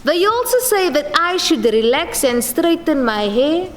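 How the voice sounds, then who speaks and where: A woman's voice: sits high, big pitch swings, measured pace. A woman from Cape Town with a Cape Town accent, giving a rhythmic, chanting spoken-word poetry performance that mixes English and Afrikaans. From Cape Town, South Africa. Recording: echoey hall with long reverb.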